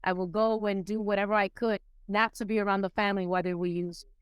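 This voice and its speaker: Middle-aged woman from puerto rico who grew up in nyc, smooth clear voice, dry close mic, tells her story all animated. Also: quick pace, dry recording. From Puerto Rico, raised in New York City. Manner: animated, acts out quoted people with rising pitch. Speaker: podcast guest. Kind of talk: casual storytelling interview.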